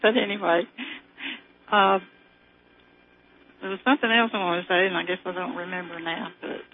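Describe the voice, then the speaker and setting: A woman's voice: on the low side, steady tone, moderate pace, a little hiss or hum. An older woman with a Southern American accent, calling in to a radio show and chatting in a rambling, storytelling way, often laughing. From southern United States. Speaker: caller. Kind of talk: casual phone-in chat. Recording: muffled radio phone-in.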